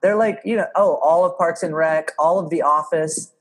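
A young man with a somewhat high voice chats casually on a podcast. He tells stories with animated energy, swears freely and laughs often. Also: moderate pace. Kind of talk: casual chat.

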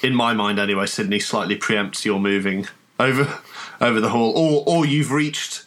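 Low-voiced man running a tabletop game. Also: a bit bright. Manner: halting, with many restarts and slow descriptive passages. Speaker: game master. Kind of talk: narrating a tabletop horror game.

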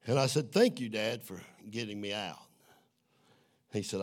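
A middle-aged man, preaching his testimony in a sermon, moving from hushed storytelling to shouting. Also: lowish voice, moderate pace. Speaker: evangelist.

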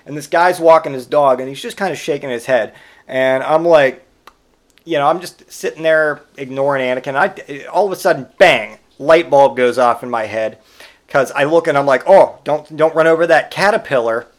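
A man's voice: mid-range voice, moderate pace. A father telling crude, jokey anecdotes in a rambling, casual storytelling monologue.

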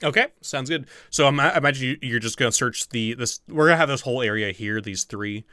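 A man's voice: mid-range voice, fast, bright, forceful tone, no room sound, clean studio sound. A man running a tabletop game as game master, rambling with fillers, swearing casually and laughing often.

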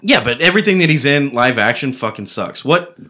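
A man co-hosting a podcast in casual chat, animated and profane, laughing often. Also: medium pitch, brisk. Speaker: podcast co-host.

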